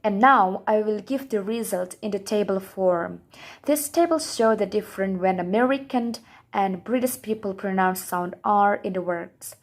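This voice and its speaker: A woman's voice: mid-range voice, normal speed. A young woman, a student whose first language is Indonesian, reading her class presentation aloud from a script in a careful way.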